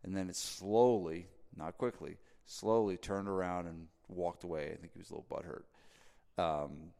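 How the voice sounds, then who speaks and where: Gravelly-voiced man telling a rambling story. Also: deep voice, moderate pace, in a large hall. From New Jersey. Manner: rambling, filler-heavy, animated when making a point. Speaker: podcast host. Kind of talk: casual storytelling chat.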